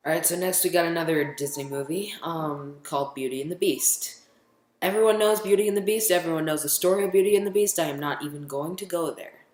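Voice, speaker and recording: A teenage boy vlogging casually, rambling and chatty, full of ums as he counts down his favorite movies. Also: fairly high pitch. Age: teens. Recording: echoey room.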